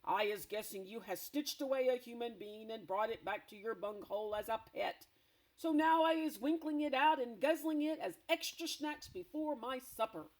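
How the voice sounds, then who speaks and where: A woman voicing a huge, bullying male giant who booms and shouts insults in a storybook read-aloud. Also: expressive, normal speed. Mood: booming, menacing.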